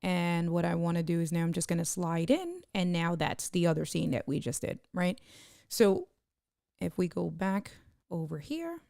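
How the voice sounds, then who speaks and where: A woman live streamer giving a casual tutorial on streaming software, chatting as she clicks and greeting viewers by name. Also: fairly low pitch, animated, normal speed, gravelly, no room sound, clean studio sound.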